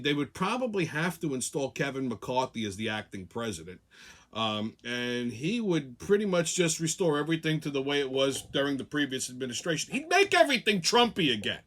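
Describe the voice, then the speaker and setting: A man's voice: medium pitch, fairly bright tone. A middle-aged man hosting a comedic news rant, profane and sarcastic, laughing at his own jokes. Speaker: host.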